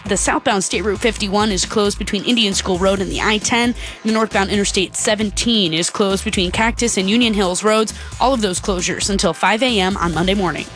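A woman reporting news, traffic and weather for a radio station in a steady read. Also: medium pitch. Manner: crisp, steady newsreader delivery.

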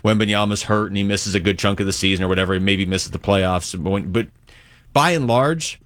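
A man's voice: on the low side, a little fast, a bit bright. A man hosting a sports radio show, talking in an emphatic, conversational way.

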